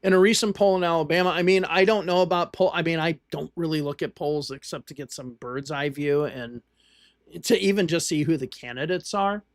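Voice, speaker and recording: A man's voice: on the high side, brisk, dry recording, studio quality. A man hosting a livestream, casually commenting on election results and thinking aloud with frequent restarts. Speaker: livestream host.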